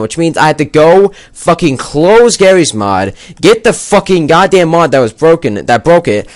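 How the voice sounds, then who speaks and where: A man's voice: a little high, no echo. A young man ranting angrily about a game, swearing a lot and rambling as he argues his point. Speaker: gaming video maker. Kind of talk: angry rant to camera.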